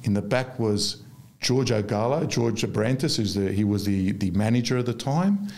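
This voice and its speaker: A man spins loose, rambling stories in relaxed conversation. His voice has a gravelly, creaky edge, and he keeps circling back and restarting mid-thought. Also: lowish voice, moderate pace. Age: 50s. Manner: rambling anecdotes with frequent restarts and laughter. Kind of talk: casual storytelling chat.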